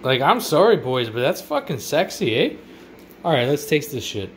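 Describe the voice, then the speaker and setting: A man's voice: mid-range voice, very animated, moderate pace. A man, casually reviewing food in a vlog with crude, profane, rowdy banter. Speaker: vlogger. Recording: faint background noise.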